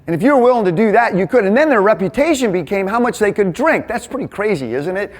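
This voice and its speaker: High-voiced man leading a men's Bible study. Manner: energetic, conversational, quick asides. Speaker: men's ministry leader. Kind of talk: casual Bible teaching to a men's group.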